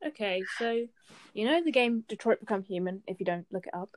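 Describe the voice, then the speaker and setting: A woman's voice: mid-range voice, animated, fairly quick, no room sound. A teenage girl co-hosting a casual chat, telling stories and teasing while laughing often. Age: teens. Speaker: co-host.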